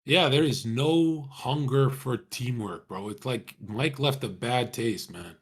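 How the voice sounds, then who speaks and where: A man's voice: mid-range voice, takes it slowly. A young man talking casually to his viewers, rambling in slang, swearing often and calling everyone bro. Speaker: streamer talking to chat.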